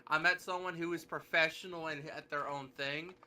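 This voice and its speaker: Man streamer, bright sharp tone, slightly high voice, rambling casual talk. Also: steady tone, normal speed. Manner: rambling, full of restarts and filler words. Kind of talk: casual chat.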